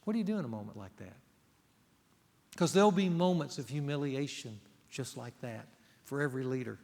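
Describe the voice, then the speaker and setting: A man's voice: medium pitch, animated, a little fast, vocal fry, darkish tone. A middle-aged male pastor preaching a sermon, earnest and emphatic, putting rhetorical questions to the congregation. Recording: long hall reverb.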